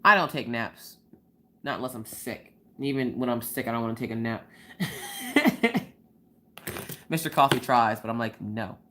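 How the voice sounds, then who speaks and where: A woman's voice: very deep voice, lively intonation, unhurried, pauses often, sharp tone. A young woman chatting casually on a live stream, giggling often and acting out quoted voices as she tells stories. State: recovering from a cold. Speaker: livestream host.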